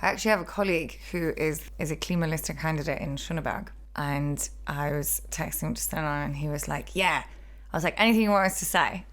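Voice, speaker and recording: A woman co-hosts a casual podcast with a slightly low voice. She is exclamatory and often breaks into laughter mid-sentence. Her swearing comes out loud and playful. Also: a little fast. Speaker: podcast co-host.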